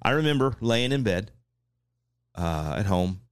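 Midwest guy telling a story on a podcast, low voice, acts out quotes, dry close mic. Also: unhurried, clear, resonant tone, no echo. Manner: animated, acts out what others said. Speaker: podcast guest. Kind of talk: casual storytelling.

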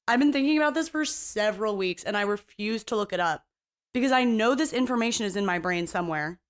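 A woman's voice: fairly high pitch, expressive, brisk. A woman hosting a podcast on her own in casual chat, rambling and blunt, swearing freely and mocking herself. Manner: self-mocking and playfully opinionated. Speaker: podcast host.

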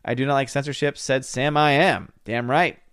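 Young guy reading his chat on stream, jokey quick comebacks, dry close sound. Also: mid-range voice, fairly even intonation, a bit bright, clean tone, no echo. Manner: reads viewer comments aloud and reacts with laughs and quick retorts. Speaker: livestream host reading chat comments. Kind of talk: casual livestream chat.

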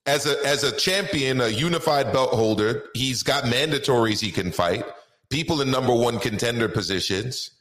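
A man's voice: mid-range voice, moderate pace, a bit bright, roomy sound. A man co-hosting a casual boxing talk show, stretching names out in a sing-song way for emphasis.

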